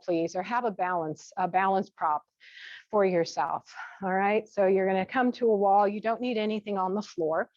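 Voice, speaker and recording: A woman teaching a gentle yoga class, cueing each step with relaxed, chatty asides. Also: medium pitch, no room sound. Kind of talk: guided yoga class instruction. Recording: dull, dry lo-fi sound.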